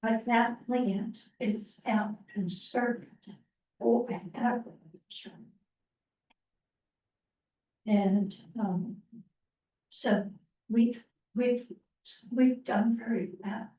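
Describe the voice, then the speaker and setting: A woman presenting to a town planning meeting, speaking slowly with many pauses and ums. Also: fairly high pitch, fairly even intonation, dark tone. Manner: slow, halting, many ums. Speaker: open space committee presenter. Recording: roomy, distant, muffled meeting audio.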